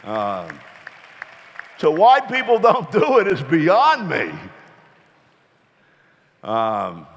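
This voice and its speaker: A man's voice: a little high, huge pitch swings, extremely slow, pauses often, long reverb tail, a faint crowd. A middle-aged man gives a rambling, folksy motivational talk to his business's distributors, earnest about belief. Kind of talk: motivational speech with folksy joke.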